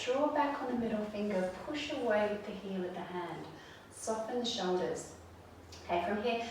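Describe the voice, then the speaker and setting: A woman leads a chair yoga class, calmly cueing each breath and stretch in a gentle, unhurried voice. She sounds distant from the mic, her words ringing in a very reverberant room. Her pitch sits in an ordinary middle range. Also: slight background noise. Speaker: yoga instructor. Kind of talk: guided chair yoga instruction. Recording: very echoey room, mic far off.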